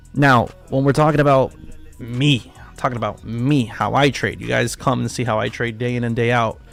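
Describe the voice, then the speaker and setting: Gravelly man ranting on a livestream. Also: medium pitch, no room sound. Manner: emphatic, profane, repetitive ranting. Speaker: livestream trading host. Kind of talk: casual livestream rant.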